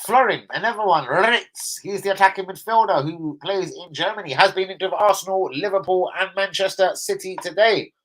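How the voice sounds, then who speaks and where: A man's voice: high-pitched, moderate pace, hardly any pauses, fairly bright tone, poor audio. A man with a London accent chatting on a live stream about football, slangy and sweary, rambling through anecdotes from indoors at home. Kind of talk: casual live-stream chat.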